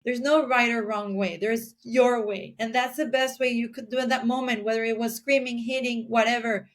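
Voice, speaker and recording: A woman's voice: fairly high pitch, steady tone, moderate pace. A woman talking earnestly in a casual podcast chat as a guest giving parenting advice, sometimes acting out little scenes. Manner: earnest, acts out little scenes in other voices.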